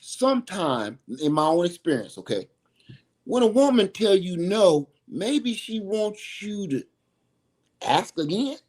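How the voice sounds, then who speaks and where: A man's voice: high-pitched, big pitch swings, slow pace, darkish tone. A middle-aged man talking straight to camera from home in a rambling, emphatic way, repeating his points. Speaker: video host. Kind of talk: casual opinion monologue.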